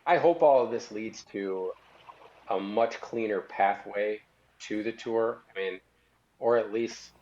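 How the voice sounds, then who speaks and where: A man's voice: fairly low pitch, takes it slowly, darkish tone, highs cut off. A man speaking as a guest on a golf podcast, rambling and often trailing off and restarting. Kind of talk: casual chat.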